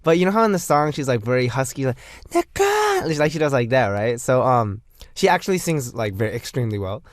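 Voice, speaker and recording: A playful male radio DJ, his pitch bouncing all over as he chats between songs. The sound is close and dry, with no room around it. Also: animated, fast, no echo. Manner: playful, chatty, jokey. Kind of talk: radio show hosting. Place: radio studio.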